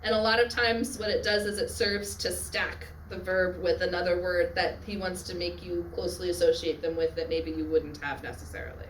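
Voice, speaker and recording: A woman's voice: on the low side, steady tone, slight background noise. Lady teaching latin in a classroom, keeps asking if everyone's with her, sounds far off in an echoey room. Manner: checks in often with students, quick asides. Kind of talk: classroom lecture.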